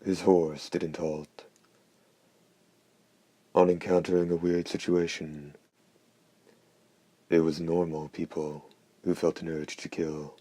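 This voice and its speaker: A man narrates an audiobook in a steady, unhurried reading. His voice is extremely deep, dark and monotone. The recording is close and completely dry. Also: dry recording. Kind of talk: scripted narration.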